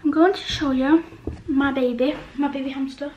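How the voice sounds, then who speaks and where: Chatty high-voiced woman vlogging. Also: moderate pace, highs cut off, slight background noise. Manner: chatty and excitable, coos softly to her pet. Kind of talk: casual vlog chat. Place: indoors at home.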